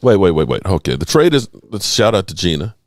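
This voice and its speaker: A man hosting a casual sports podcast, talking in an animated, excitable way and swearing now and then. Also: fairly quick, no room sound, clean studio sound. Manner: animated, excitable, swears, acts out quotes in a high voice. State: voice strained, coughing.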